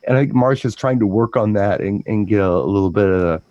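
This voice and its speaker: A man chatting casually as a DJ co-host, telling stories in a rambling, animated way with lots of restarts. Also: on the low side, fast talker, no echo, highs cut off. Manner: rambling, animated storytelling with frequent restarts and mimicked voices. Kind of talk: casual chat.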